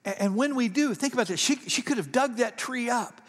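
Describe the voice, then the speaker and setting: In a large hall with long reverb, a man delivers a sermon as pastor, speaking conversationally and often repeating words. His very high voice is animated and fairly quick.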